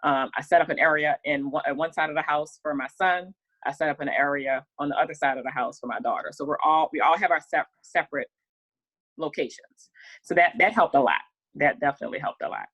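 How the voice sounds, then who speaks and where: A woman guest in a casual interview, telling her story in an animated way and acting out what others said. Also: low voice, brisk, dry recording, dull audio. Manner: animated storytelling with laughs and acted-out quotes. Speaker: interview guest, working mother.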